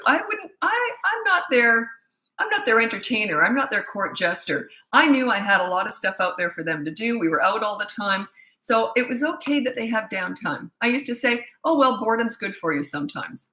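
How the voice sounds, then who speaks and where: A woman's voice: medium pitch, moderate pace, low-quality recording. A middle-aged woman, a parenting coach, giving casual advice and acting out what she and her kids said. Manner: animated, acts out quoted voices. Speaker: parenting coach answering questions.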